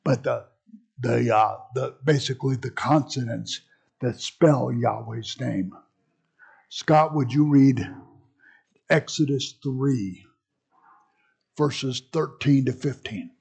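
A man's voice: mid-range voice, takes it slowly, creaky, long pauses, darkish tone, breathy edge. A man teaching a Bible class in a conversational way, with frequent asides and restarts. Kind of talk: casual teaching talk.

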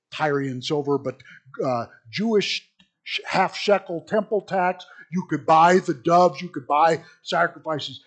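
A middle-aged man gives a sermon in a loose, conversational manner, wandering off on asides and restarting phrases as he goes. His voice is somewhat husky and sits a little high for a man. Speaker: pastor.

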